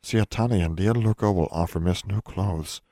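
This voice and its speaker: A man's voice: low voice, normal speed, dry recording, studio quality, lightly acted. A man whispering as a timid little elf servant. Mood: hushed. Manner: soft hushed third-person speech.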